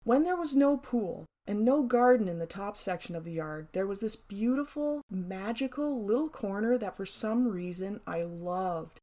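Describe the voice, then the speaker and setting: A woman's voice: mid-range voice, lively intonation, moderate pace, few pauses, mellow. A middle-aged woman reading her own childhood memoir aloud, wry and playful. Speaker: memoir narrator.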